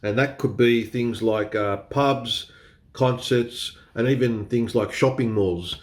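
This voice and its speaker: A man's voice: mid-range voice, takes it slowly. A man with an Australian accent chatting casually to camera as a photography vlogger, laughing often and swearing a little. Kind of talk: casual explainer talk to camera.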